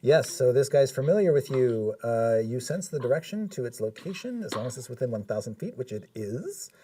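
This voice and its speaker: A man narrating scenes as dungeon master of a live tabletop game, in a measured, descriptive way with frequent fillers. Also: medium pitch, very animated, warm tone, slightly rough, no echo, far from the mic.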